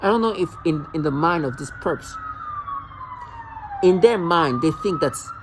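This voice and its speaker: A man's voice: fairly high pitch, lively intonation, a little slow, noisy background. A man vlogging alone in a rambling, agitated and mocking rant, often stumbling and restarting his sentences. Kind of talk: rambling monologue to camera.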